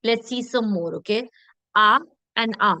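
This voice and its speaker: A woman teaching an online French lesson, explaining step by step and often checking in with her students. She slows down to model French words carefully. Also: on the high side, bright, forceful tone, no echo, poor audio.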